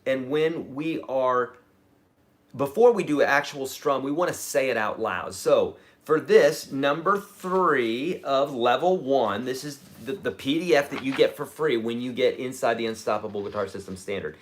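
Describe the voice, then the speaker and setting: A man's voice: medium pitch, normal speed. A man teaching a live-streamed guitar lesson, counting beats aloud and encouraging his viewers. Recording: guitar playing loudly behind the voice.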